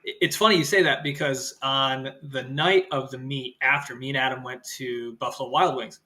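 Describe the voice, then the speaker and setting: A man's voice: medium pitch, steady tone, moderate pace, pushed and bright. A man who is a guest on a podcast, chatting casually, laughing easily and swearing. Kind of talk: casual chat.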